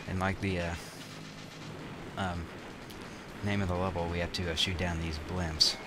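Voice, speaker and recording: A man's voice: deep voice, level tone, unhurried, pauses often, background noise. A young man casually commenting on his own gameplay, rambling with lots of fillers and restarts and some crude words. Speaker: let's play commentator. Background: game music.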